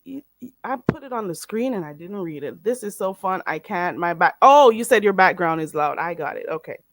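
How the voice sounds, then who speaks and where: A woman's voice: lowish voice, expressive, background noise. A woman hosting a live stream, chatting casually with viewers and teasing them playfully while teaching them phrases. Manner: playful and teasing, drawn-out slow demonstrations. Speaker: livestream host teaching phrases.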